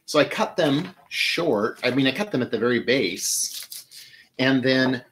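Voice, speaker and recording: A man's voice: medium pitch, animated, measured pace, fairly bright tone, slight background noise, rough recording. A middle-aged man from Michigan hosting a live flower-arranging show, chatting to viewers as he works. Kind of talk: casual live demonstration.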